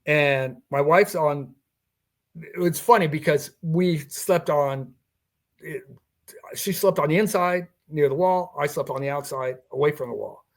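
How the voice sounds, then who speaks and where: A podcast interview guest, an older man with a voice on the high side, unhurriedly shares a personal encounter. He quotes the conversation by acting it out, chuckling throughout.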